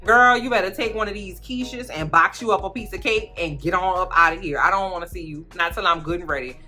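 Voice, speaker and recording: A woman giving a casual, sassy recap of a TV show, animated and talking straight to her viewers. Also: lowish voice, a little fast, faint music behind. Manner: animated, sassy, swearing, talks to viewers directly.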